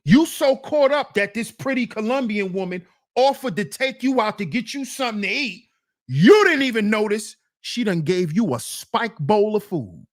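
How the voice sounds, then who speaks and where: Medium in pitch and animated, this woman's voice moves at a normal speed. Hosting reaction commentary, she mocks and scolds her audience, repeats lines for emphasis, and slips into mocking impressions of the men she targets.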